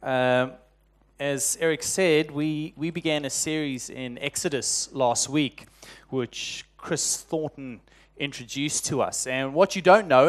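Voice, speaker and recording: A man in his thirties with a South African accent, a church elder, preaches a sermon in a warm, humorous storytelling style, restarting often. His voice is medium-pitched and there's no room sound.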